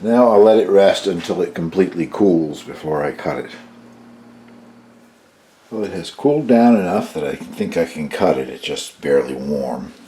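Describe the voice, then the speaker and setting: A man's voice: low voice, lively intonation, moderate pace, mellow, slight background noise. An older man casually talking through baking a loaf at home, tasting it and commenting as he goes. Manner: easygoing, chatty, tastes and comments as he goes. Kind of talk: casual cooking demonstration.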